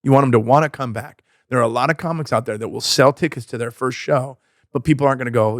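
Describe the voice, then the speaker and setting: A man's voice: medium pitch, quick pace, dry recording, studio quality. A man, a stand-up comic co-hosting a podcast, chatting casually with lots of restarts. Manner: rambling, restarts often, mimics other comics.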